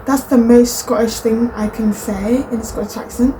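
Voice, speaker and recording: Young woman, reaction host, chatty and a little high, soft-toned. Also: fairly even intonation, normal speed, slight background noise, low-quality recording. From Britain. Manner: chatty, rambling asides. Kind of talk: casual reaction commentary.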